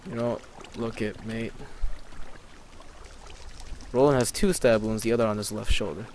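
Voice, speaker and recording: A man's voice: on the low side, fairly even intonation, normal speed, darkish tone, a little hiss or hum. A young man casually narrating an online roleplay session, reading the chat aloud with hesitant fillers. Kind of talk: casual let's play narration.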